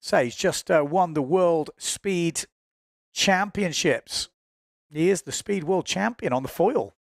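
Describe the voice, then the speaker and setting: A man's voice: on the high side, slow, gravelly, dry recording, clean studio sound. A man giving chatty, informal live commentary on a windsurfing race, often correcting himself as he goes.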